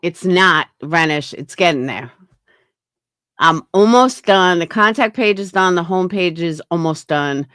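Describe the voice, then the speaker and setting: A woman's voice: fairly low pitch, lively intonation, unhurried, a bit bright, no room sound, clean studio sound. A woman hosting a casual livestream, talking bluntly with frequent swearing and answering her chat. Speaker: livestream host.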